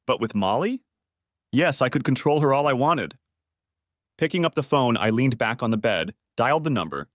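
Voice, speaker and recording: A man reading a first-person audiobook story in a measured storytelling manner. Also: mid-range voice, no room sound, clean studio sound. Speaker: narrator.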